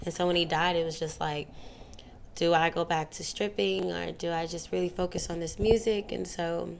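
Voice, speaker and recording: A young woman speaks low with a gravelly edge, chatting candidly as a guest. She tells her stories loosely and throws in playful voices. Faint noise sits under her. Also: fairly even intonation, normal speed. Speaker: interview guest. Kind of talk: casual interview chat.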